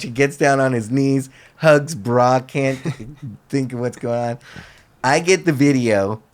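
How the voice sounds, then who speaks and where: A man sits in as a guest on a casual talk show and spins a story in relaxed, slangy speech. His voice sits at an ordinary middle pitch. He keeps slipping into the other people's lines to act them out. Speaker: podcast guest.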